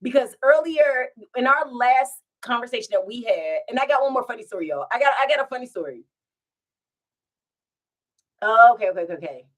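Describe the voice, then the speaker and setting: A woman telling funny everyday stories to her viewers in a relaxed, chatty way. Her voice rises and falls with a lot of movement. She keeps giggling and breaking into laughter between lines. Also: on the high side, fairly quick. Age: adult with children. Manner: giggly, animated, bursts into laughter. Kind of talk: casual storytime.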